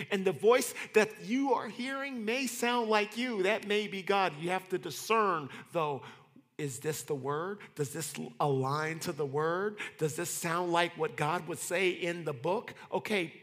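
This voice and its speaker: Slangy preacher man in a reverberant hall. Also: high-pitched. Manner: slangy, dramatic storytelling that swings from shouts to whispers. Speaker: pastor. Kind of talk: sermon.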